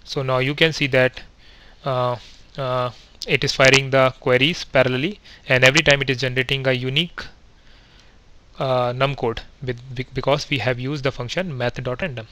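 A man with a bright, forceful voice talks through a coding tutorial step by step. He is methodical and pauses on fillers, often correcting himself as he goes. His pitch sits in a middle register. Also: fairly even intonation, no echo. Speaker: software testing instructor. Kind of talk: screen-recorded coding tutorial.

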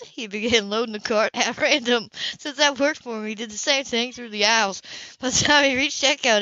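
Bright-voiced woman reading a novel aloud. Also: on the high side, no room sound, highs cut off. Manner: plain reading with slips and restarts. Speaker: amateur audiobook reader. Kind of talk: novel narration read aloud.

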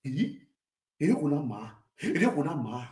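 A man with a Nigerian accent telling a comic rant, animated, mixing Pidgin and local languages and bursting into shouts. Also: on the high side, moderate pace. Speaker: comedic storyteller. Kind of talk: comic rant sharing gossip. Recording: roomy echo.

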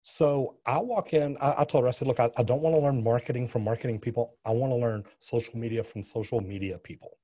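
A man's voice: medium pitch, fairly even intonation, quick pace, few pauses, warm tone. A middle-aged man, a plumber and interview guest, telling a story earnestly with frequent restarts. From US West Coast.

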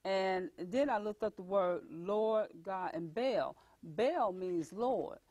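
A woman hosts a faith talk program in an earnest, chatty way, her voice sitting at an ordinary middle pitch. The sound is close and dry, with almost no room around it. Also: slow pace, a little mellow, husky, dry recording, muffled recording. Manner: chatty, earnest, laughs easily. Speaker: talk show host. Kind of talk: casual religious talk show chat.

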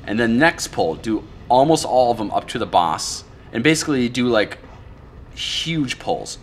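A man casually commentating his own gameplay, thinking aloud in a relaxed way about plans and strategy. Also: mid-range voice, unhurried, a little hiss or hum.

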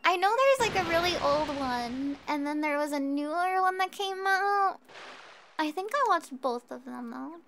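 A woman's voice: sits high, normal speed, fairly bright tone, a little hiss or hum. A woman streaming a video game, chatting casually with her viewers, swearing and laughing often. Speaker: VTuber streamer. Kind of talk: casual gameplay commentary.

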